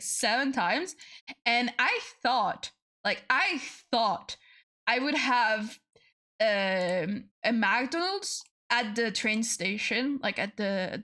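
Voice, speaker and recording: Swearing French woman, casual streamer chat. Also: a little high. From France. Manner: swears freely and laughs often, repeats herself when excited.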